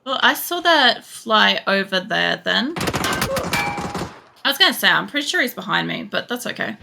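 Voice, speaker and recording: A woman's voice: mid-range voice, very animated, moderate pace, gravelly, pushed and bright, slight background noise. An Australian woman streaming a game, chatting casually in a rambling way, swearing often and filling gaps with fillers. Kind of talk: casual gameplay chat.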